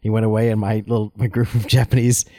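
A man's voice: on the low side, level tone, fast, dark tone, dry recording, studio quality. A man telling rambling stories in a casual movie commentary chat, full of fillers and restarts. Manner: rambling anecdotes with many fillers.

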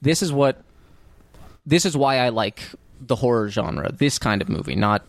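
A man's voice: medium pitch, expressive, normal speed, dry recording. A man talking casually about a movie, hesitant and full of restarts. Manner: hesitant, many restarts and ums.

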